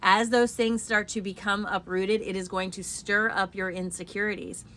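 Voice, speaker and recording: A woman's voice: mid-range voice, flat delivery, normal speed, fairly bright tone, a little hiss or hum. A woman talking casually to her viewers in a spiritual energy update, chatty and direct.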